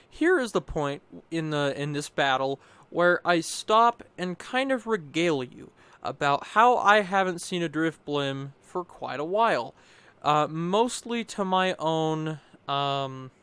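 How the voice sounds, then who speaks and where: A young gameplay commentator with a slightly high, smooth voice talks casually over his footage while recounting a battle, in a dry recording. He's chatty and animated, rambling and restarting his sentences often.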